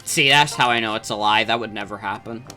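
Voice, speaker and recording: A streamer playing the game and chatting over a voice call, animated and teasing. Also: mid-range voice, fast, soft background music. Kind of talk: casual group chat over a voice call.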